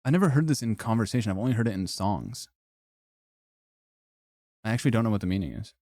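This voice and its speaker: A man's voice: lowish voice, expressive, quick pace, a little mellow, no room sound, studio quality. A man streaming live, ranking things in casual, profane, joking commentary and laughing often.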